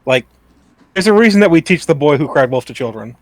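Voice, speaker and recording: A man's voice: a little high, animated, fairly quick, no echo. A man co-hosting a podcast, adding wry comments in casual chat. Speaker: podcast co-host.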